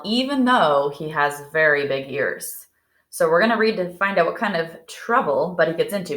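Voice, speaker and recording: A woman's voice: deep voice, moderate pace, roomy sound. A woman teacher reading a picture book aloud to children, asking them questions as she goes. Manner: lively, questioning, speaks to children. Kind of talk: read-aloud storytime.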